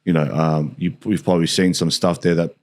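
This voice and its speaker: An Australian man with a very deep voice hosts a podcast. He talks quickly, rambling through his points in a loose, conversational flow. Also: level tone. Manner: rambling, lots of "you know" fillers. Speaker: podcast host. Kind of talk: casual interview chat.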